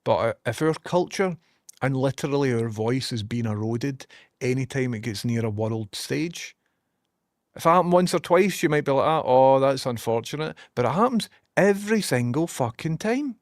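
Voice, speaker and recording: A young man with a broad West of Scotland accent rants animatedly to his viewers, peppering his talk with swearing. His voice sits at an ordinary middle pitch, recorded close and dry with no room sound at all. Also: animated, moderate pace, no echo. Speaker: streamer chatting with viewers. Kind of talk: casual chat.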